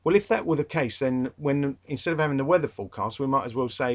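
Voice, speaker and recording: A man's voice: mid-range voice, fast talker, hardly any pauses. A man with a London accent giving a rambling, chatty revision talk to literature students, full of fillers and restarts, and emphatic about a pet peeve. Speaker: English literature tutor.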